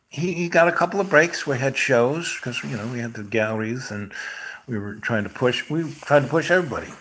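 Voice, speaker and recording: A man telling a personal story in a rambling, halting way, with many pauses and fillers. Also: medium pitch, fairly bright tone, slight background noise.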